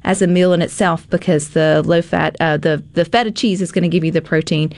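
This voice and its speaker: A woman hosting a casual cooking segment, chatty and animated, with frequent filler words. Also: lowish voice, a little fast, dry recording. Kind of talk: casual cooking demo chat.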